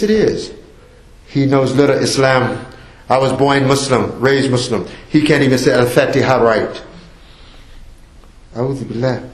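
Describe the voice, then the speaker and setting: Middle-aged American male speaker, high tenor, emphatic repetitive mosque talk, echoey hall. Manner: emphatic, repetitive preaching with acted-out asides. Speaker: guest speaker.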